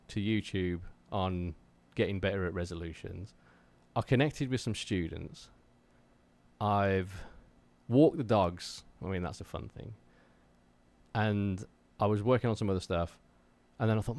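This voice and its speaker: A man's voice: on the low side, darkish tone, dry recording. A man with an English accent chatting casually on a live stream, telling stories to his chat and urging viewers to keep going with their creative goals. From England. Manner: rambling, earnest and motivational, many fillers.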